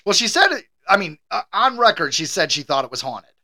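A male podcast co-host in a casual chat who jokes, teases and speculates animatedly. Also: high voice. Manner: joking, animated, quick to tease.

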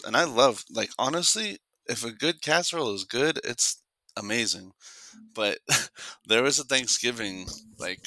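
A man in casual podcast chat, telling stories in a laid-back way with drawn-out fillers. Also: fairly low pitch, bright, forceful tone, no echo. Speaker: podcast co-host.

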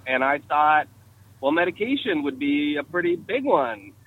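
A man's voice: on the high side, sing-song, normal speed. A man talking casually with a friend over the hands-free phone in his car, friendly and hesitant, with fillers. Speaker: caller. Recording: muffled phone line from a car.

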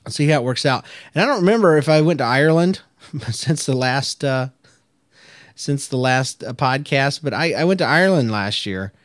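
A man in his thirties talks casually on his podcast, upbeat and chatty, often restarting his sentences. His voice sits in a middle pitch. The sound is dry and close to the mic. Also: lively intonation, normal speed, fairly bright tone, dry recording. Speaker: children's pastor and podcast host.

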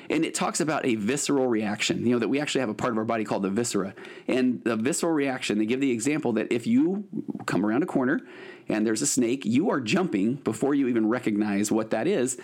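Man in his late forties, podcast host, rambling, animated, mid-pitched voice. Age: 40s. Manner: animated, rambling with frequent restarts and fillers. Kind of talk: casual storytelling monologue.

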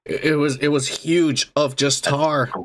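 A young man co-hosting a podcast, talking crudely and boastfully in a casual drunk chat with a raspy voice. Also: on the high side, level tone, a little slow, slight background noise. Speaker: podcast co-host.

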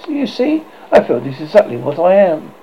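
A man's voice: high-pitched, huge pitch swings, a little fast, a little hiss or hum. A man reading aloud and voicing a young girl who plays a prim, motherly role for a group of boys, in a dull lo-fi recording. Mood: demure.

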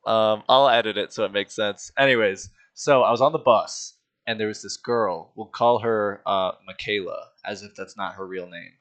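In a casual podcast chat, a young man tells a childhood story, laughing often and acting out the voices of the other people in it. His voice is fairly low and fairly bright, at a normal pace.

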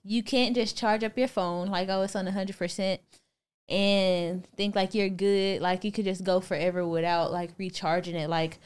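A woman's voice: medium pitch, fairly even intonation, normal speed, smooth. A woman co-hosting a casual podcast, talking with frequent "like" fillers. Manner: uses many "like" fillers. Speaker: podcast co-host.

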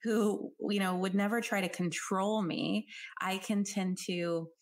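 A woman's voice: medium pitch, fairly even intonation, a little slow. Conversational woman podcast host. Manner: reflective, conversational, many fillers. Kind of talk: podcast interview.

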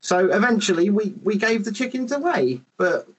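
A man hosting a casual podcast chat, animated and rambling, with lots of restarts, on a podcast microphone. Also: high voice, normal speed, slight background noise, poor audio.

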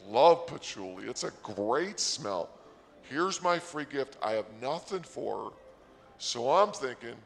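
A man doing a rambling, absurd comic story on the radio, excitable at times. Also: mid-range voice, takes it slowly, gravelly, long reverb tail.

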